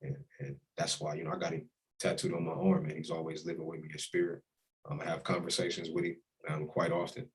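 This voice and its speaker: A man's voice: low-pitched, level tone, fast, poor audio. A young man, a college quarterback, talking with emotion and reflection as a guest in a casual interview. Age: young adult. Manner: heartfelt, reflective, speaks with emotion.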